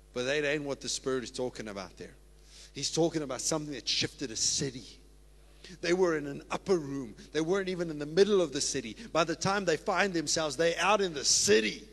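A man preaching a sermon as pastor, moving from steady scripture reading to whoops and laughter. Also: mid-range voice. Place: church sanctuary. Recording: long church-hall reverb.

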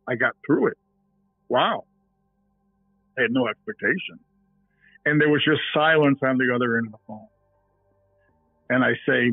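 A man's voice: mid-range voice, moderate pace, long pauses, slightly rough, no echo, faint music behind. A middle-aged reporter telling a story in an interview, acting out his phone calls as he goes. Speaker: TV reporter and author, interview guest. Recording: tinny phone-line sound.

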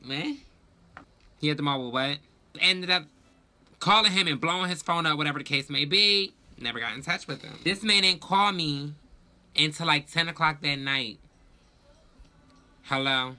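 A young man telling a storytime vlog in a sassy, profane, animated way. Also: fairly high pitch, moderate pace, pauses often. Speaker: vlogger.

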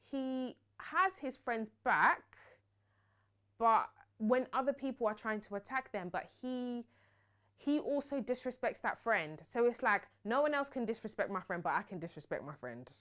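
A young woman giving sassy, animated commentary on a reality show and mocking people's lines in put-on voices. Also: mid-range voice, clean tone. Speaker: reality TV reviewer. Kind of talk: casual opinionated commentary.

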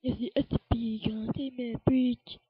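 A woman giving excitable, casual gameplay commentary with sudden shouted outbursts. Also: fairly high pitch, measured pace, breathy edge, no room sound, narrow, tinny audio, soft background music. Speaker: gaming channel host.

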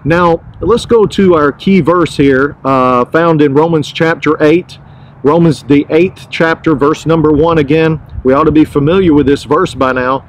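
A male pastor with a somewhat high voice gives an earnest podcast devotional. He leans on his key phrases and says them again for weight, in a steady teaching manner. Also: a little slow, a little hiss or hum, low-quality recording.

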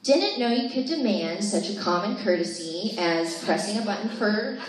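A woman's voice: medium pitch, animated, normal speed. A young woman in her twenties doing a chatty, self-deprecating stand-up set full of fillers at a live comedy show. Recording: echoey room, distant mic, faint noise.

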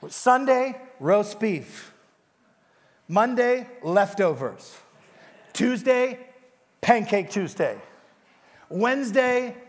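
High-voiced male preacher in a reverberant hall. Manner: animated storytelling, coaxing the congregation. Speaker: guest pastor. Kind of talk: sermon. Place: church sanctuary.

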